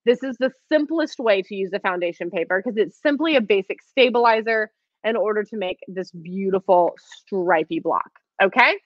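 A woman's voice: mid-range voice, normal speed, dry recording. A woman teaching a live online quilting class, chatty and encouraging, with frequent ums as she works and answers viewer questions. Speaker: quilting instructor. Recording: dry, slightly dull stream audio.

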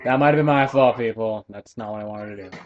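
A young man giving casual, excitable commentary while playing a shooter game, swearing and joking. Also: fairly low pitch, fast talker, highs cut off, a little hiss or hum. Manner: excitable, swearing, jokey outbursts. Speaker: gaming commentator.

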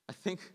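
A man preaching a sermon as pastor, passionate and building to emphatic peaks, acting out quoted speech. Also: noisy background. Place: church hall. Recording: reverberant hall.

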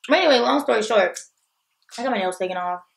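A young woman telling a story in a casual mukbang vlog, blunt and animated, with frequent swearing. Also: a little high, fast, vocal fry. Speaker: vlogger.

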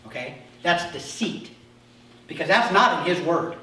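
High-voiced, slow-preaching male pastor, emphatic, distant mic in a very echoey church. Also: lively intonation. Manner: emphatic, drops to soft asides then rises sharply. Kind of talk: sermon. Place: church sanctuary. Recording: echoey church hall from far off.

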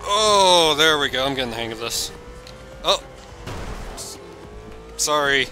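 Brief: jokey male let's-play commentator, bright sharp voice, slow delivery that breaks into excited yelps. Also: medium pitch, faint music behind. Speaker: gameplay commentator.

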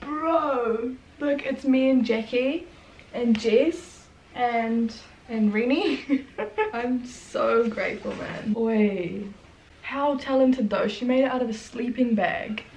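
A woman's voice: a little high, slow pace, darkish tone. A young woman vlogging in a gushing, breathless and emotional casual way. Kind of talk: excited casual vlog.

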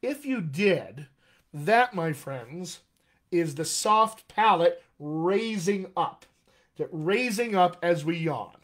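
An upbeat male dialect coach teaches a live online class. His voice sits high for a man, and he keeps checking in with his viewers with a cheerful "all right?" His delivery is chatty and encouraging. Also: lively intonation, takes it slowly. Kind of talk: live-streamed voice lesson.

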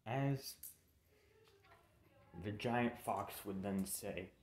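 Young man, fan story narrator, casual, rambling, low pitch, slow. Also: slight background noise. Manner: rambling, self-correcting, informal asides. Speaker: channel narrator.

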